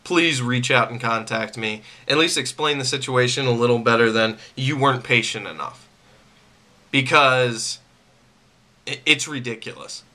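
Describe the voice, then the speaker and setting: A man's voice: medium pitch, moderate pace, bright, forceful tone. A man venting to camera about a refund, irritated and repeating himself, with stammering restarts. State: angry. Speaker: vlogger.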